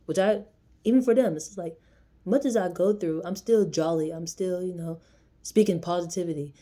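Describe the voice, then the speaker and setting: A woman's voice: fairly low pitch, normal speed, warm tone. A young woman telling a personal story in a rambling, casual vlog style, dropping slang like "yo" as she goes. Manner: rambling, conversational, slangy with frequent "yo". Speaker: vlogger.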